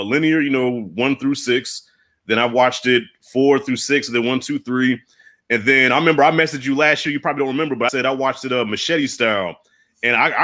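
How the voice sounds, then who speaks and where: A man's voice: medium pitch, bright, forceful tone. A man in his thirties hosting a casual chat, laid-back and peppered with "you know". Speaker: host.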